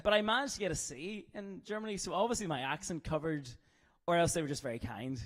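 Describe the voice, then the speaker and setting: A Northern Irish man chats casually in an interview, his voice fairly high, fast and a bit bright. He's jokey and self-deprecating, chuckling often.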